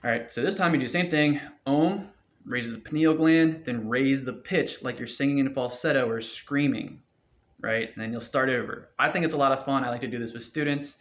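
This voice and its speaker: A man's voice: medium pitch, brisk, fairly bright tone. A man teaching a chanting practice, talking loosely and encouragingly, with many fillers and restarts. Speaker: meditation teacher. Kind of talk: casual spoken instruction. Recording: dull lo-fi sound.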